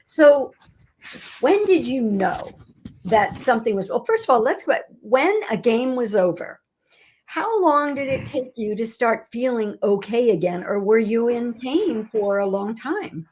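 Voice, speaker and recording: A woman's voice: on the high side, lively intonation, a little slow, a little mellow, husky. A woman hosting a radio interview, asking curious questions and reacting with laughs. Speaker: radio show host.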